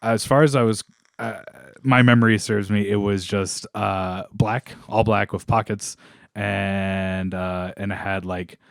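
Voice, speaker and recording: A man with a somewhat low voice chats on a podcast, rambling with fillers and cracking jokes. He laughs a lot. The sound is close and dry, with no room echo. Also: steady tone, measured pace, creaky. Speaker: podcast co-host. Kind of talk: casual chat.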